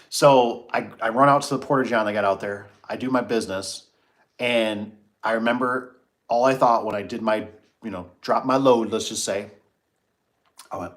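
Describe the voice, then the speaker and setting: A man's voice: fairly low pitch, normal speed. A middle-aged man hosting a casual livestream, telling a story and reading chat comments, acting out his own reactions.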